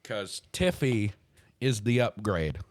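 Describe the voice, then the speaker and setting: A man's voice: on the low side, animated, slow, no echo. A man hosting a talk show, ranting in a heated, profane way about a wrestling feud. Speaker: podcast host. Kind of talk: heated wrestling commentary chat.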